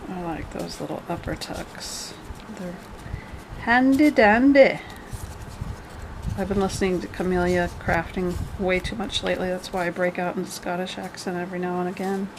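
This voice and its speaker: A woman's voice: fairly low pitch, level tone, brisk, vocal fry, hardly any pauses, slight background noise, low-quality recording. A woman casually walking through her handmade journal page by page, chatty and rambling with jokey asides. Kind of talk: casual show-and-tell.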